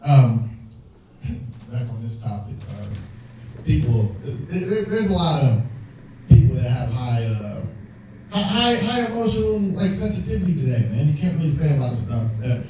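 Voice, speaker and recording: A man's voice: mid-range voice, normal speed, recorded from a distance, slight background noise. A young man doing a stand-up set, telling family stories, acting out voices and chatting with the crowd. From Dominican family. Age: young adult. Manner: animated storytelling, acts out voices, chats with the crowd. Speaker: stand-up comedian. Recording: echoey hall, mic heard from afar. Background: audience laughter.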